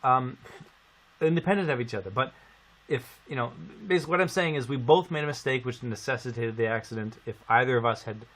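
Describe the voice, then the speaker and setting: A man from Canada casually telling a story on a live stream, animated and swearing. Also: mid-range voice, fast. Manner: animated, swearing storyteller who acts out quotes.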